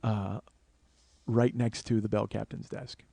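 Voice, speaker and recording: A man's voice: on the low side, flat delivery, takes it slowly, vocal fry, mellow, slightly rough, dry recording. A man hosting a comedy podcast, telling a rambling, profane, self-mocking personal story.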